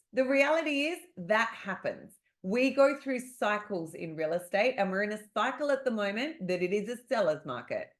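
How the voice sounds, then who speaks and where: Australian woman coach, punchy motivational webinar delivery over a video call. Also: mid-range voice. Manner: energetic, motivational, emphatic repetition. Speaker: real estate sales coach. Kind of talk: webinar teaching.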